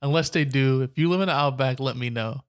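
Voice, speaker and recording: A man's voice: medium pitch, fast, clean tone. A man co-hosting a casual podcast, telling a story and joking around with his co-host. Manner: joking, laughs often, mock Aussie "mate" asides.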